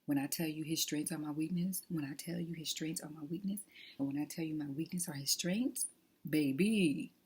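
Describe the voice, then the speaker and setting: A woman's voice: sits low, normal speed, slightly rough. A woman talking casually to her viewers in an emphatic, preachy way, often dropping to a whisper. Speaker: vlogger. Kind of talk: casual testimony chat.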